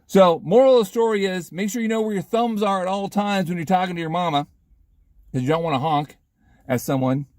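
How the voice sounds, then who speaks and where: A man with a somewhat high voice tells a funny everyday story in a relaxed vlog. He talks in a lively, chatty way and laughs at himself. The sound is dry and close, with no room echo. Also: a little fast. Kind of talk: casual anecdote telling.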